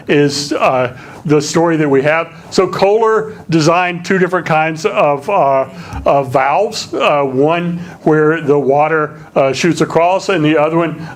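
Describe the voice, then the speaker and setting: Man lecturing with many ums. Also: fairly high pitch. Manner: relaxed, many fillers, asks the audience questions. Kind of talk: public lecture to a live audience.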